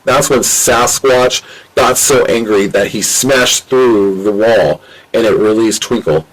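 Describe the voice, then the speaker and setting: A man's voice: lowish voice, takes it slowly, rough recording. A man reading his own adventure story aloud on a home microphone, in plain, repetitive narration. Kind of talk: amateur audiobook reading.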